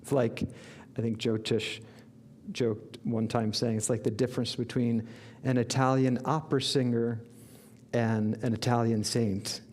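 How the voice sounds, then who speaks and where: A man's voice: mid-range voice, flat delivery, a little slow, darkish tone. A man giving an inspirational sermon as a spiritual teacher, earnest and reflective, with bursts of enthusiasm.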